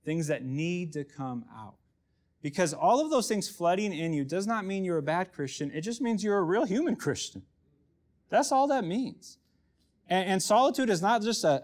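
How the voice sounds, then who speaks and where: A man preaching a sermon as pastor, conversational and self-deprecating, often dropping to a hush for emphasis. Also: sits high, expressive, moderate pace.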